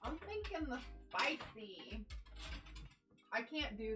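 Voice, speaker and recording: Giggly livestreamer, high lively voice, unhurried chat, thinking aloud. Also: female voice. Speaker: stained glass crafter streaming live.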